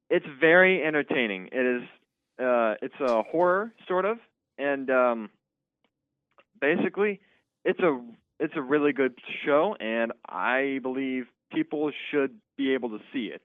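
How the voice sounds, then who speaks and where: A teenage boy, a high school student actor, answering interview questions with some hesitation and filler words. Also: no room sound. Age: teens. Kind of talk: phone interview. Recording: tinny phone line.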